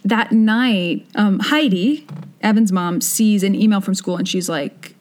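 Animated woman retelling a story. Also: mid-range voice. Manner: animated, acts out characters' lines in quick voices. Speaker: podcast co-host. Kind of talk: casual chat retelling a musical.

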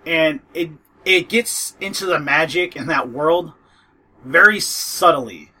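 A man's voice: a little high, slow pace, pushed and bright, slightly rough. A man co-hosting a podcast, chatting casually about books and wandering off track as he talks. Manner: rambling, loses his train of thought. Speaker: podcast co-host.

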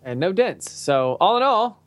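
Young male co-host, expressive swings in pitch, swears constantly, faint music under him. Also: measured pace. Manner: profane, rambling storyteller, laughs often. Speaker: podcast co-host. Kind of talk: casual chat.

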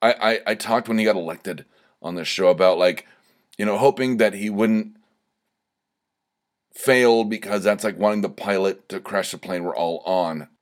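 Hosting his podcast alone, a young man talks in a lowish, steady voice at a moderate pace. A few shots have left him slightly tipsy, and the casual monologue wanders, full of swearing and stammers whenever he gets worked up.

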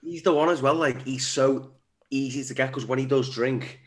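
A man's voice: medium pitch, steady tone, normal speed. A young man chatting bluntly and crudely about pranks on a friend. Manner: blunt, crude, laughs along. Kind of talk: casual chat.

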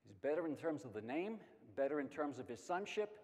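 A middle-aged man teaching a Bible lesson, emphatic and lively, asking questions and answering them himself. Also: fairly high pitch, brisk. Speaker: Sunday school teacher. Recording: long hall reverb.

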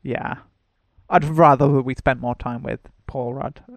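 A man's voice: mid-range voice, fairly even intonation, a little slow, no echo. A man hosting a casual podcast about films, rambling with frequent laughs and restarts. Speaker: podcast host. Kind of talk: casual film-review chat.

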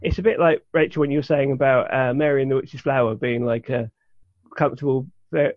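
In a casual podcast chat, this male co-host talks a little fast in a mid-range voice with fairly even intonation. He rambles, restarts a lot and uses many fillers. The sound is dull and lo-fi, without room sound.

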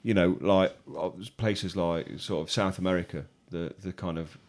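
A man's voice: low voice, steady tone, moderate pace, a little mellow. A man, co-hosting a podcast in casual, sweary, rambling chat. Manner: sweary, rambling, laughs often. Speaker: podcast co-host.

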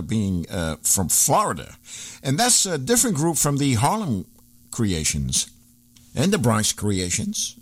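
A man's voice: medium pitch, slightly rough, no room sound. A man hosting an oldies radio show, chatting casually with many fillers.

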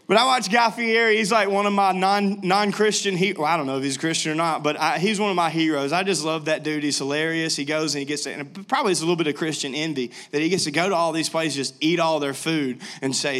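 A young man preaching a sermon in a jokey, lively storytelling way. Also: on the high side, quick pace, hardly any pauses. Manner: jokey, animated, laughs often. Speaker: pastor.

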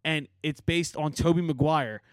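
A man's voice: a little high, moderate pace, a bit bright, no room sound. A man hosting a podcast, chatting in a rambling, laughing way and swearing casually. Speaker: podcast host. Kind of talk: casual chat.

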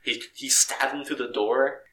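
A young man chatting casually about a film, excitable and full of fillers, laughing often. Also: medium pitch, a little slow, roomy sound, recorded from a distance, rough recording.

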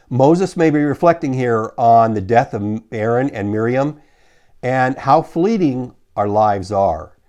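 A middle-aged man preaching a sermon as pastor, measured and slowing down to read scripture aloud. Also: medium pitch, darkish tone.

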